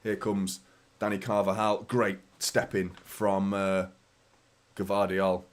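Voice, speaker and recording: A man, hoarse from a sore throat, hosting a fan watchalong with live match commentary and chatty, sweary, teasing banter. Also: sits low, flat delivery, slow.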